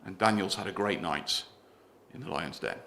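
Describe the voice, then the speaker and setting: A man preaching a sermon in church, earnest, putting questions to the congregation and letting his voice fall softer at the ends of lines. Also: deep voice, lively intonation, normal speed, gravelly, a little hiss or hum.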